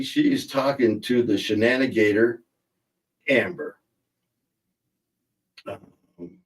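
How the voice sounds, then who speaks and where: A man's voice: medium pitch, darkish tone, distant mic, poor audio. Chatty man hosting a livestream. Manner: chatty, rambling, reads viewer comments aloud. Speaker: host. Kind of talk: casual livestream chat.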